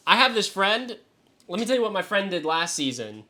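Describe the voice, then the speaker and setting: A man's voice: high voice, big pitch swings, fairly quick, bright, forceful tone. A young man streaming live, chatting casually and swearing loosely as he reacts to his chat. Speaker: fantasy football streamer.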